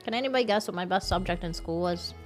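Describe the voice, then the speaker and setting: A woman streamer chatting casually with her viewers. She is excitable, swears often and shrieks when she thanks people for gifts. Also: on the low side, fast talker, faint music behind. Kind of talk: casual livestream chat.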